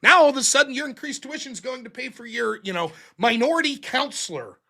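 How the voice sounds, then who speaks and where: A young man hosts a call-in show with a high, bright voice that jumps all over the place. He tells stories in a profane, animated way, slipping into mocking voices for the people he quotes. His delivery stays lively and full of swearing. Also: fairly quick, creaky. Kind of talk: casual call-in chat.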